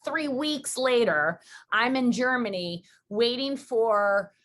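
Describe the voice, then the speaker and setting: A woman from Western New York hosting a podcast, chatting casually and telling stories with quick, rambling asides. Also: on the high side, animated, a bit bright. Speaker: podcast host. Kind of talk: casual interview chat.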